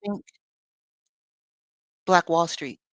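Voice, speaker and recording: A woman's voice: extremely slow, fairly bright tone, dry recording, poor audio. A woman leading a live spiritual teaching, talking expressively with sassy, conversational asides.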